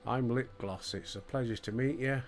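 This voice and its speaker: A polished, persuasive game character pitching a deal, voiced by an older Yorkshire man. The delivery is gravelly and straightforward, with faint music in the background. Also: moderate pace, lightly acted. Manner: reading game dialogue aloud in his own voice. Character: smooth-talking leader making a job offer.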